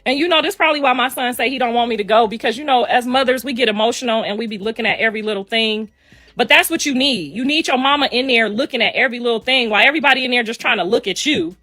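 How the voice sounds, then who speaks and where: A middle-aged woman speaks in an emphatic, casual rant and hammers her points by repeating phrases. Her voice is bright and sits a little high. The sound is dry and close. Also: fast, no room sound. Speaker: mother speaking on a livestream.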